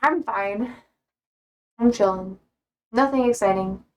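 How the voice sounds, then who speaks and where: A young woman with a slightly high voice chats loosely on a livestream. She reads viewer comments aloud and answers them bluntly. She swears freely and laughs often. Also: animated, normal speed. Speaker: streamer. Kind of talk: casual chat reading viewer comments.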